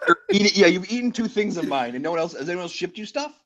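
A man from Canada joins a casual podcast as a jokey guest, teasing the others. His pitch swings widely as he talks. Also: expressive, fast talker, fairly bright tone, highs cut off. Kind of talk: casual chat.

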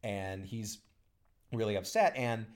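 A man co-hosting a podcast, retelling a movie's plot in casual chat, rambling and animated with frequent restarts. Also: fairly low pitch, slow pace. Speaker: podcast co-host.

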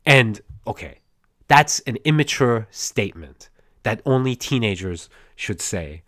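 A man's voice: lowish voice, animated, measured pace, fairly bright tone, no echo, clean studio sound. A man hosting a podcast, recapping a movie in a rambling, digressive way, stammering and acting out the characters' lines, his throat a bit scratchy. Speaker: podcast host.

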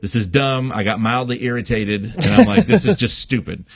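A man's voice: mid-range voice, very animated, normal speed, husky, no echo. A man hosting a podcast, telling a long story in casual chat, rambling with many fillers and frequent swearing. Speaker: podcast host.

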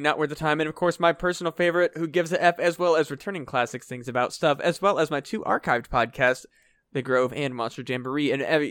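Ranting, profane podcast co-host, slightly high voice. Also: male voice, fairly bright tone, clear, resonant tone, dry recording. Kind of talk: casual podcast chat.

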